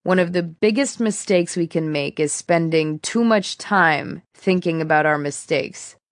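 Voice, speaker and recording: A woman voicing a calm, sarcastic male mentor in an audiobook, teasing and unhurried. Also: on the low side, dry recording, clean studio sound. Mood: probing. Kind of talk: audiobook character reading.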